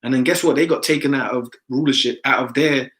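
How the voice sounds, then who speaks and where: A man with a London accent talks in an emphatic, insistent way during a loose religious discussion. His voice sits at a middle pitch for a man, and he keeps punching his points home. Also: quick pace, fairly bright tone, rough recording. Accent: London English. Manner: emphatic, repeats "man" often. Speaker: discussion participant.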